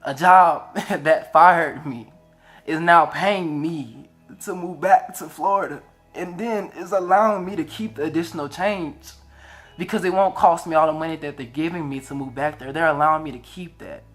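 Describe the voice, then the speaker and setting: A young man, telling a heartfelt personal testimony in a casual, animated way, often praising God. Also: a little high, moderate pace, faint music behind. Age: 20s. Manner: animated, emotional, religious. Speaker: vlogger.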